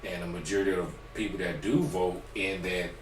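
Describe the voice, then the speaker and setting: A man who is a guest on a casual podcast, talking in a relaxed, street-slangy way. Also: deep voice, fairly quick, distant mic, slight background noise. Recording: echoey, away from the mic.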